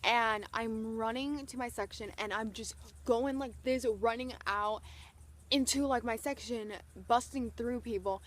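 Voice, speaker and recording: A woman's voice: fairly high pitch, unhurried. Gushing young woman vlogger. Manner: breathless, gushing, heavy use of "like". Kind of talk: excited storytelling vlog.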